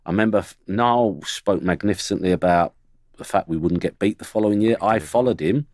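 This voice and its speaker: A man's voice: sits low, fairly quick, a little mellow, no echo. A middle-aged man, a former footballer, telling blunt stories about teammates on a studio podcast. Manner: blunt, anecdotal, mimics teammates. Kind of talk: podcast storytelling.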